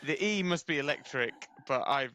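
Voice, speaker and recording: A man co-hosting a casual podcast with a slightly high-pitched voice. He is dry and teasing, peppering the others with quizzical questions. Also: animated, moderate pace, bright, forceful tone. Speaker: podcast co-host. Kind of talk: casual chat.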